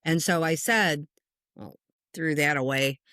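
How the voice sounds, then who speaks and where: A woman in her sixties, a spiritual medium, telling a personal story in a casual interview, chatty and lively, acting out the voices of the people in it. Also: low voice, a little slow, no room sound, studio quality. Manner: animated storyteller who acts out quoted voices; chatty, with frequent "you know" and "like".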